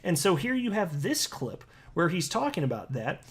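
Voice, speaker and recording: A man talks through his crypto commentary in a blunt, scornful way, often restarting his sentences. His voice sits a little higher than most men's. He delivers it as a casual monologue. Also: sing-song, moderate pace, husky.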